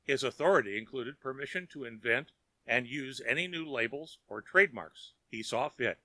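A male audiobook reader tells a short story with expressive delivery. His voice is very bright and moves through a lively pitch range. The recording is close and dry. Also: moderate pace, no room sound. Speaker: narrator.

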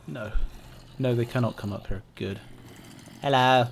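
Guy doing chill let's-play commentary, slow talker, chats to the mobs and giggles a lot. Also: medium pitch, creaky, noisy background. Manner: playful, chats to monsters, giggles and yelps. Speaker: gameplay commentator.

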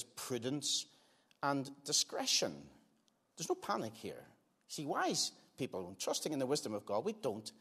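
An older man preaching to his congregation from the pulpit of a church. His voice sits at an ordinary middle pitch for a man. He speaks earnestly, leaning hard on key phrases and then dropping to quiet, unhurried asides. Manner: earnest, swings between emphatic loud lines and quiet slowed asides. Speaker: pastor. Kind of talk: sermon. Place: church sanctuary.

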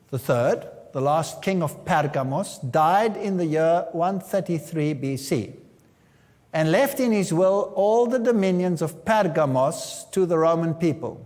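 High-voiced preacher man in echoey hall. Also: darkish tone. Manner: reads scripture aloud with dramatic emphasis. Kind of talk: sermon.

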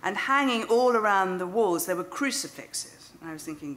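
A woman's voice: mid-range voice, lively intonation, brisk, fairly bright tone, slight background noise. A woman in her fifties telling a self-deprecating, wry story to a live audience. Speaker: speaker at a storytelling event. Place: stage before an audience.

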